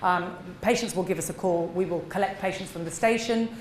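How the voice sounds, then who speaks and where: A middle-aged woman, a dentist giving a seminar talk, animated and emphatic, acting out short exchanges. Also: lowish voice, brisk. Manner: animated, acts out little dialogues, emphatic. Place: seminar room. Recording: echoey room with faint noise.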